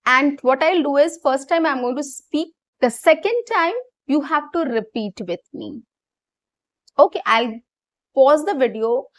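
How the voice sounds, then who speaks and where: A woman's voice: high voice, animated, measured pace. A young woman, an English communication coach, explaining a practice technique, often checking in with "right?" and "okay". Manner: explanatory, repeats key phrases with frequent "right?" and "okay". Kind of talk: online English lesson.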